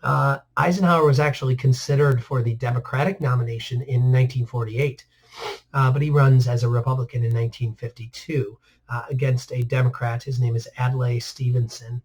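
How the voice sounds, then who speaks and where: A man teaching a recorded history lesson in a relaxed, conversational way, filling pauses with frequent "uh"s. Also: medium pitch, husky. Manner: relaxed, many "uh" fillers, conversational asides. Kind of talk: recorded class lecture over slides.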